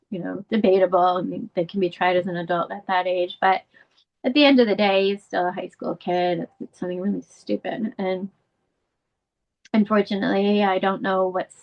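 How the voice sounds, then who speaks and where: Middle-aged mom being interviewed, earnest and candid, kinda muffled lo-fi audio. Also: female voice, vocal fry. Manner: earnest, candid, rising pitch when emotional. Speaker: guest, bereaved mother and advocate. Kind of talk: emotional interview conversation.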